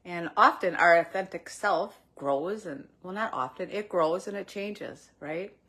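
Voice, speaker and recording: A middle-aged woman giving a gentle, reflective spiritual talk with soft laughs now and then. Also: on the low side, a little slow. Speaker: spiritual teacher. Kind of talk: spiritual talk, live stream.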